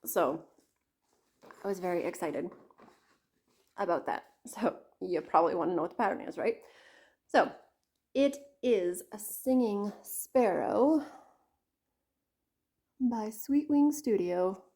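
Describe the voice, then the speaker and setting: A woman's voice: medium pitch, expressive, slow pace, long pauses, mellow. A middle-aged woman from Canada talks casually to her viewers in a rambling, chatty way. She keeps interrupting herself with fillers and little asides. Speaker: craft vlogger. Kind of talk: casual chat to camera.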